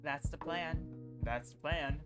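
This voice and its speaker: A man voicing a gentle, guarded young male animal character in a visual novel, speaking softly and slowly. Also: on the high side, music in the background. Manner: soft, hushed and slow.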